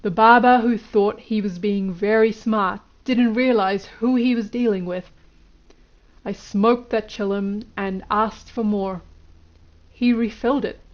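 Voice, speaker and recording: A woman's voice: mid-range voice, fairly even intonation, measured pace, highs cut off, natural voice. A woman reading the lines of an elderly male guru, lecturing in an instructive way. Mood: boastful. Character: elderly male Indian guru, stern teacher.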